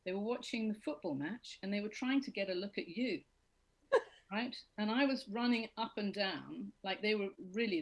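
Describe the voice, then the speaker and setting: A woman's voice: mid-range voice, poor audio. A British woman comedian telling rambling, self-deprecating stories in a casual podcast chat. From Britain. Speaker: comedian guest.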